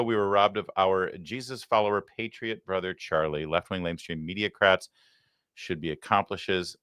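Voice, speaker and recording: A man's voice: sits low, bright, forceful tone, no echo, studio quality. A man hosting a live show, chatting casually and joking with plenty of filler "uh"s. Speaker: show host.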